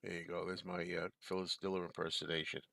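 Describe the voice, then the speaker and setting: A man's voice: low voice, little pitch movement, fast talker, creaky, sharp tone, no room sound. Man, live stream host, casual chat, easygoing, chuckling, desk mic, dry sound. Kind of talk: casual chat reading viewer comments. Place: at a desk at home.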